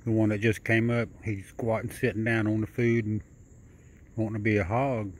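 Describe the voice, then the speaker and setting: A man filming outdoors at night, talking low and coaxing in a soft sing-song call that rises in pitch. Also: level tone, normal speed. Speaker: wildlife video maker. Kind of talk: hushed narration while filming animals. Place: outdoors at night near a house.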